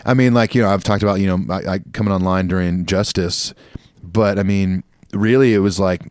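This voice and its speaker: A man's voice: low voice, fairly even intonation, brisk, a little mellow, clean tone, no room sound. A man co-hosting a podcast in casual chat, reading listener emails aloud with easy laughs. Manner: laughing, slips into a jokey Australian put-on. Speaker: podcast co-host.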